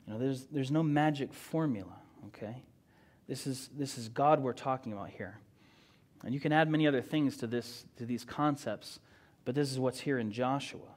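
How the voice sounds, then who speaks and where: Male pastor, sermon delivery, middle pitch, emphatic and conversational. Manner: emphatic, swings from loud declaring to quiet asides; conversational, with frequent "right?" and "you know".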